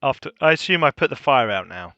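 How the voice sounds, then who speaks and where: A man's voice: mid-range voice, sing-song, fast talker, sharp tone, no echo. A man playing a tabletop role-playing game, chatting in an eager, playful way on slightly muffled audio. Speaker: player.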